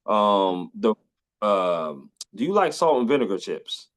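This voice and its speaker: A man's voice: on the low side, a little slow. A man hosting a podcast, chatting playfully and exclaiming freely. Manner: playful, expressive, folksy exclamations. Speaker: podcast host. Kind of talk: casual interview chat.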